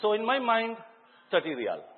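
A man delivers a sermon, throwing questions at his listeners and telling stories about his family. His voice sits a little high, and it rings through a long-echoing hall. The recording is thin and phone-like. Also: moderate pace, slight background noise. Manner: questions the congregation directly and tells lively anecdotes. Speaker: preacher. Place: church hall before a congregation. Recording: echoey hall, tinny phone-like sound.

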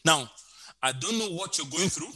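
A man's voice: on the high side, animated, moderate pace, bright, forceful tone, poor audio. A man preaching a sermon with emphasis, repeating his key phrases and rising into sung lines.

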